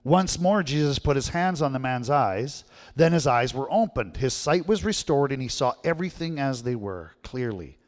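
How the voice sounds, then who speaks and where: A man's voice: mid-range voice, expressive, moderate pace. A middle-aged Canadian man from Manitoba preaching a sermon, telling stories and asking the crowd questions with a frequent "right?". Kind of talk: sermon with storytelling. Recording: long reverb in a hall.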